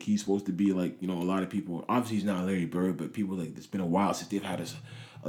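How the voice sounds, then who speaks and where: A man giving a casual, animated monologue about basketball, swearing often and saying "you know what I mean" a lot. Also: low-pitched. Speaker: sports commentator. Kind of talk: casual sports talk monologue.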